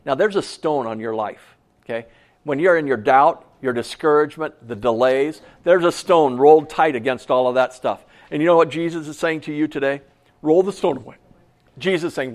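A man preaching a sermon as pastor in a church, animated and joking with his congregation between scripture readings. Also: medium pitch, moderate pace. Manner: lively preaching with jokes aside to the congregation.

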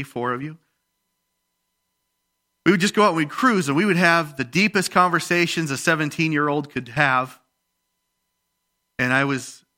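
A male pastor preaching a sermon, rising in emphasis on scripture readings and dropping quiet for personal stories. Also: medium pitch.

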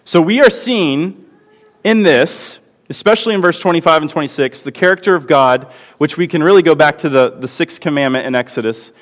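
A man's voice: on the high side, a little fast. A man preaching a sermon as pastor, earnest and building to impassioned emphasis. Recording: long hall reverb.

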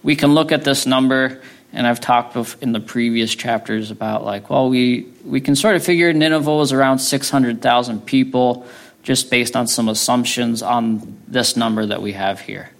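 A man's voice: medium pitch, steady tone, moderate pace, creaky. A male pastor teaching a sermon in a conversational way, often checking in with his listeners. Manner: conversational teaching, frequent tag questions.

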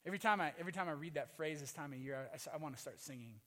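A man preaching a sermon as a pastor, moving between loud emphatic lines and hushed quiet passages. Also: a little high, rapid-fire, big-room sound. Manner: swings from loud emphatic to hushed, sings briefly. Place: church.

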